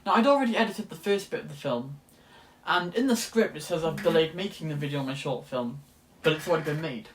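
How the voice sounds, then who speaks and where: Animated and quick, a late-teen student vlogger with a fairly high voice chats casually to camera. He rambles along, often starting over and correcting himself.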